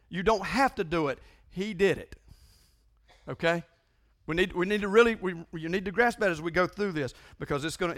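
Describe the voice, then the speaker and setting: A man's voice: high voice, a bit bright. A man preaching a sermon in a conversational, emphatic way, often repeating himself. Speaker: pastor.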